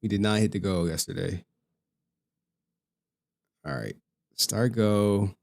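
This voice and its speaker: A man with a fairly low voice, talking loosely to his stream chat. He rambles, laughs often and shifts between topics as he sets things up live. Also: slow pace, creaky, a little mellow. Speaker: livestream host.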